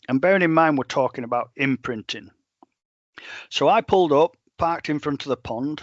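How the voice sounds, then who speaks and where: Chatty dog trainer. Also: male voice, on the high side, fairly quick, no room sound, lo-fi sound. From England. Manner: animated, chatty, plain-spoken. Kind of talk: storytelling in a podcast interview.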